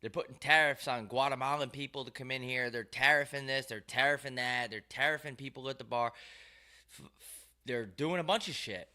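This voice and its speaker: A man's voice: medium pitch, fairly quick, bright, forceful tone. A man hosting his own show, telling rambling, profane, wry stories in a loose monologue. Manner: profane, wry, ranting storyteller. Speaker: show host.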